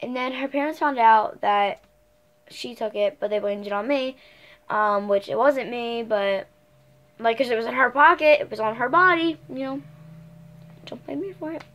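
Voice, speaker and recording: A woman's voice: on the high side, normal speed, a bit bright. A girl in her early teens chatting casually through a storytime vlog, rambling along with many fillers and self-corrections. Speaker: vlogger.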